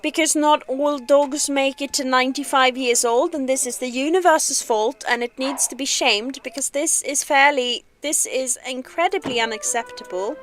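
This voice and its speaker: A woman's voice: high-pitched, normal speed, hardly any pauses, fairly bright tone. A woman chatting casually while streaming a game, giggling often and playful. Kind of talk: casual gaming stream chat.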